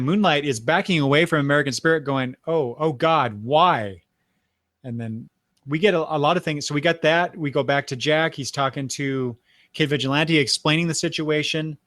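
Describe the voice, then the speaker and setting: A man's voice: a little high, fairly bright tone, dry recording. An older man hosting a podcast, recapping comic book scenes in a casual chat with frequent restarts and fillers. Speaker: podcast host.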